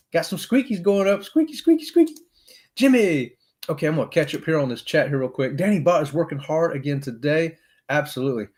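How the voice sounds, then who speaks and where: A middle-aged man, hosting a casual livestream in a folksy, upbeat way while reading chat comments. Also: a little high. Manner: folksy and upbeat, says "y'all" often. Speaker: livestream host.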